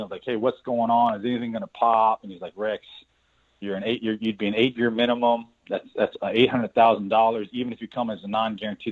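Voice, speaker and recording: A middle-aged man, a basketball coach, telling his career story in a casual interview, rambling and restarting his words. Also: mid-range voice. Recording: tinny phone-line sound.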